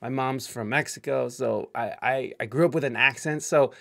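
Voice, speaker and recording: A man from Ohio hosts a loose, friendly interview and talks quickly. He rambles, fills his pauses with "uh" and "um", and circles back to restart his sentences. His voice is at an average pitch for a man. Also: creaky, a bit bright. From Ohio, United States. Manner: fast, chatty, rambling with many fillers. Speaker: podcast host. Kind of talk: casual interview on a live stream.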